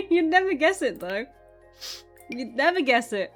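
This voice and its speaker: A woman's voice: high voice, big pitch swings, takes it slowly, faint music behind. A woman from southern England with a mixed British accent, chatting casually to her live chat while playing a game and laughing often. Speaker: streamer.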